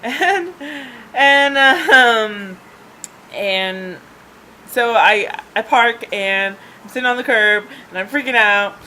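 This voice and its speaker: Bright-voiced woman rambling through a story. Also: a little high, takes it slowly, a little hiss or hum, poor audio. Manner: chatty, laughs often, many fillers and restarts. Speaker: vlogger. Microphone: handheld device camera.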